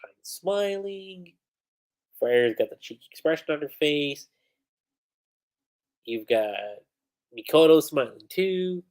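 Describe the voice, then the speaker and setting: Animated man with a lively, swooping voice. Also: fairly high pitch, takes it slowly, pauses often, clear, resonant tone. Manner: excitable, animated, full of "like" fillers, breaks into laughter. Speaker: manga reviewer on a livestream. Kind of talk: casual livestream commentary.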